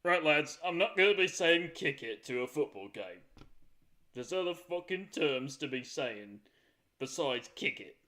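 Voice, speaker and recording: A man putting on a mock British football fan, loud and indignant. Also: a little high, expressive, measured pace.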